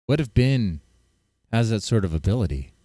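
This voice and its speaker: A man's voice: lowish voice, big pitch swings, normal speed, dark tone, no echo, clean studio sound. Man reacting to clips, joking and crude. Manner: joking, crude, rambling with restarts. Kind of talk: casual reaction commentary.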